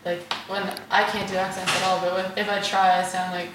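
A woman's voice: fairly low pitch, level tone, a little fast, recorded from a distance. A young American woman from the Boston area chatting casually and easily, laughing at herself. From Boston area, United States. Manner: laughing, easygoing, self-deprecating. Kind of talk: casual chat. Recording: echoey, off-mic, noisy.

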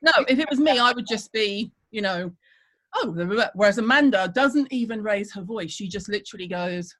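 Middle-aged British woman guest, chatty anecdote teller, lively quoting voice. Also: medium pitch, brisk. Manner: animated gossipy storytelling with acted-out quotes. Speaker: guest storyteller. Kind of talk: casual chat, anecdote.

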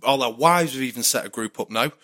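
A man with a British accent, a podcast guest telling a casual anecdote in a lively, chatty way and sometimes swearing. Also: medium pitch, fast talker. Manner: animated storyteller, acts out quoted dialogue, swears casually.

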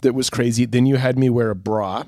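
A man's voice: medium pitch, steady tone, brisk, a little mellow, dry recording. Middle-aged man, podcast co-host, chatty and self-deprecating, dry close recording. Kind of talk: casual chat.

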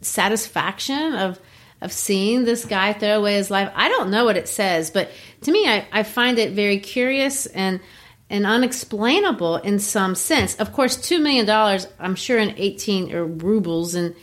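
A woman co-hosting a literary discussion, explaining the text in an animated, teacherly way. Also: mid-range voice, moderate pace. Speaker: co-host.

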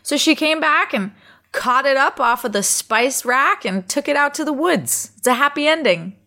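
A woman's voice: high-pitched, expressive, normal speed, sharp tone. A woman co-hosting a podcast in casual chat, teasing her co-host and laughing easily as she reads out odd news.

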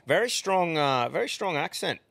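A man's voice: on the high side, very animated, normal speed, vocal fry, fairly bright tone, no room sound. A man from Central Queensland with a broad Australian accent, co-hosting a casual podcast, blokey and sweary, often laughing. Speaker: podcast co-host.

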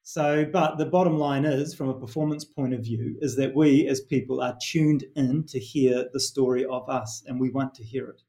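A middle-aged man from New Zealand speaks with a mellow, warm tone and a clear Kiwi accent. He tells stories earnestly and reflectively, often restarting his phrases as he works through an idea in an interview. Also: medium pitch, steady tone, moderate pace, few pauses. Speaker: performance coach, author.

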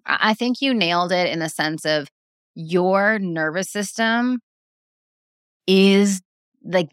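A woman guest speaking calmly and earnestly in casual interview talk, with many "like" fillers. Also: deep voice, clean tone, no echo, clean studio sound. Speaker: breathwork practitioner, guest.

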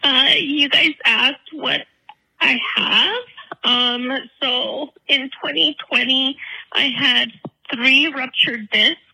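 A woman leaving a tearful voicemail for a podcast, halting and full of fillers. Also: high-pitched, creaky, pushed and bright, slightly rough, low-quality recording. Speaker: voicemail caller. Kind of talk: emotional voicemail. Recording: phone voicemail.

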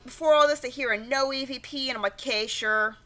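A woman's voice: sits high, quick pace, fairly bright tone. A woman co-hosting a podcast, telling the story in a dry, wry way during casual chat. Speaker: podcast co-host. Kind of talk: casual chat recapping a ghost-hunting show.

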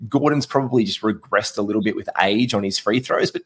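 A husky-voiced young man chats on a podcast, his voice sitting a little low. He tells stories in a lively, animated way and jumps between points with easy energy. It has the loose feel of friends talking sport. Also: a little fast. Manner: animated, chatty storyteller. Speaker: podcast co-host. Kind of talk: casual podcast chat.

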